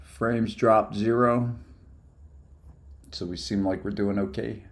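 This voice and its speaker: A man's voice: on the low side, fairly even intonation, takes it slowly. A man chatting casually on a live stream, hyper and rambling from topic to topic after no sleep. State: sleep-deprived.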